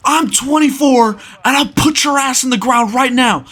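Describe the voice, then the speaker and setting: A man voicing a huge, furious redneck man in his twenties who yells threats. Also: very high-pitched, moderate pace, pitched above the performer's own voice, full character voice. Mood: menacing shouting. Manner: yelling threats, menacing.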